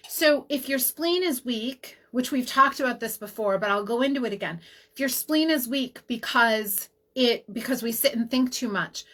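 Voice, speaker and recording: A middle-aged woman health practitioner giving a casual teaching talk, telling stories with quick asides. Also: on the high side. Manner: animated storytelling with quick asides.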